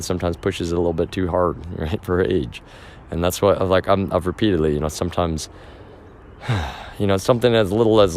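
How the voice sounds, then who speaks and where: Deep-voiced man ranting on a livestream. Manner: agitated, many fillers and restarts. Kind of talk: rambling casual livestream talk. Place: outdoors walking through a neighborhood.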